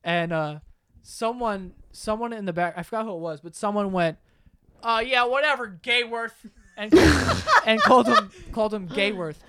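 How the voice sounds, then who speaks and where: A young man hosting a podcast, telling school stories to friends in a lively way, laughing, swearing and loudly acting out what people said. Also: high-pitched, normal speed, clean tone. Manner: animated, laughing, swearing, acts out quotes loudly. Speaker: podcast host. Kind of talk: casual storytelling among friends.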